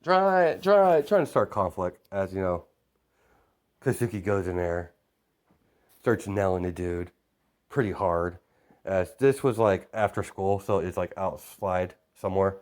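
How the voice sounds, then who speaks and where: A man's voice: sits low, fairly even intonation, unhurried, pauses often, darkish tone, clear, resonant tone. A young man improvising a fan-fiction story aloud, rambling with constant fillers.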